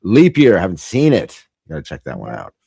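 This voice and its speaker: A man with a lowish voice hosts a loose, casual film chat. He rambles, laughs easily and restarts his sentences often. The sound is dry and close, with almost no room. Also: wildly swooping pitch, fairly quick, gravelly, mellow, husky, dry recording. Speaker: host. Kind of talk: casual podcast chat about films.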